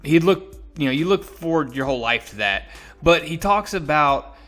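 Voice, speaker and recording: A man's voice: a little high, expressive, normal speed, fairly bright tone, soft background music. A man casually recapping and reviewing a comic book issue, enthusiastic and recounting with small restarts.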